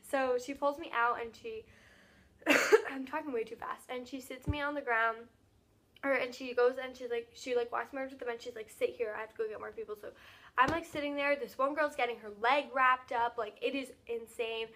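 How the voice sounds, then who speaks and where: A young woman telling a story to camera in a casual vlog, rushing through it with lots of "like". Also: sits high, fairly even intonation, pushed and bright. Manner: rapid, filler-heavy retelling with lots of "like". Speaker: vlogger.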